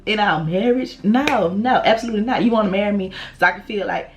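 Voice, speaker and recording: A woman's voice: mid-range voice, fast talker, soft background music. A young woman vlogger, telling a blunt, profane story in casual storytime style.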